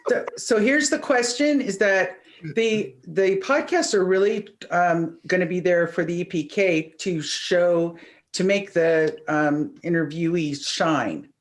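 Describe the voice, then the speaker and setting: A man with a notably high voice for a man, laying out plans in a casual podcast chat. He talks in loose, restarting phrases with frequent fillers. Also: slow. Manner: explains plans, many fillers. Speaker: podcast co-host.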